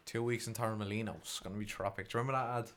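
A man's voice: on the low side, steady tone, racing, a bit bright. Young guy chatting on a podcast, jokey and easygoing. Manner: chatty, jokey, drops playful put-on voices. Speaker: podcast co-host. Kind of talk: casual chat.

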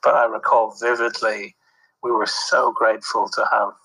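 Male producer guest, low husky voice, bright edge, rambling anecdotes. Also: level tone, normal speed, poor audio. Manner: reflective, with many fillers and restarts. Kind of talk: anecdotal interview talk.

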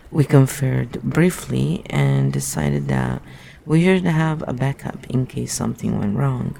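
A man's voice: mid-range voice, animated, measured pace, vocal fry, mellow, slight background noise. A man reading a book aloud and breaking off into rambling, musing asides. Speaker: reader.

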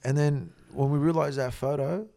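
A man, a guest telling a story in casual, profane, animated talk. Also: fairly high pitch, moderate pace, vocal fry. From Australia.

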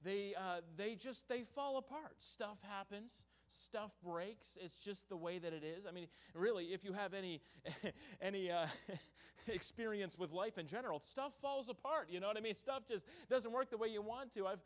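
A man who is a traveling evangelist, preaching a sermon in a church in a folksy storytelling way, with loud bursts and hushed stretches. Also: sits high, normal speed. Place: church sanctuary.

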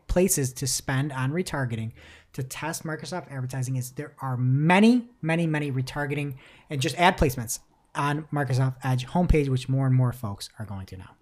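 A woman co-hosting a casual marketing podcast, animated and laughing, putting on mock voices when she quotes people. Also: low voice. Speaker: podcast co-host. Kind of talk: casual chat about search marketing news.

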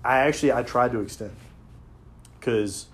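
A man's voice: medium pitch, normal speed. Profane man telling war stories. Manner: animated, profane, acts out quotes in a raised voice. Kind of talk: casual storytelling.

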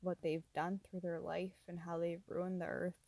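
A young woman hosting a casual solo podcast, rambling softly, laughing often and sometimes dropping to a whisper. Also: lowish voice, flat delivery, moderate pace. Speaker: podcast host.

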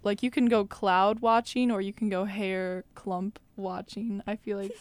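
A woman's voice: mid-range voice, fairly even intonation, measured pace, dry recording. A young woman co-hosting a casual talk show, giggly and rambling, searching for words. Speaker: co-host. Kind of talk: casual podcast chat. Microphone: studio microphone with pop filter.

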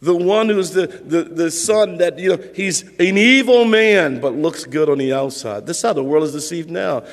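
A man's voice: on the high side, normal speed, in a large hall. A male pastor preaching a sermon in a conversational way, repeating points for emphasis.

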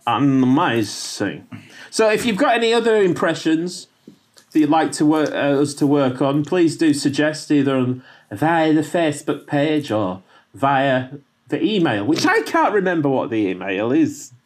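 A man's voice: a little high, very animated, measured pace. A man co-hosting a music podcast, chatting in a rambling, jokey way, swearing and laughing often. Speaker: podcast co-host. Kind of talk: casual chat with jokey impressions.

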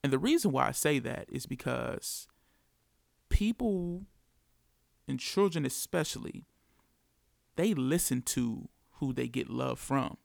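A man's voice: medium pitch, lively intonation, takes it slowly, creaky, pauses often, dry recording, clean studio sound. A man from the United States telling his story as a father in an earnest, reflective monologue, repeating key phrases for emphasis.

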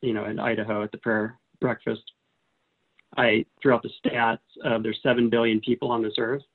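A man who is a guest on a podcast, talking in a relaxed, easygoing way and laughing easily as he explains how he prepares for big adventures. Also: medium pitch, normal speed. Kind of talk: casual podcast chat. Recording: tinny phone-like line.

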